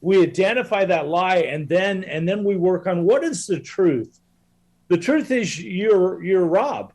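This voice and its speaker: Man, podcast guest, earnest and reflective, fairly high pitch, coach. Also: lively intonation, unhurried, darkish tone. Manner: earnest, reflective, with frequent restarts. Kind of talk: casual conversation.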